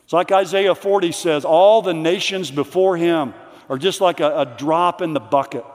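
A man preaching a conference sermon in earnest, reading quotes slowly so they sink in. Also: on the high side. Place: large hall. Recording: long hall reverb.

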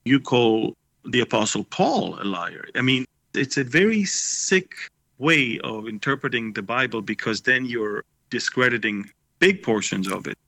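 Bright-voiced emphatic man. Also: mid-range voice, animated, measured pace, gravelly, no echo. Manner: emphatic, indignant. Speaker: ministry guest. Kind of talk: impassioned theological commentary.

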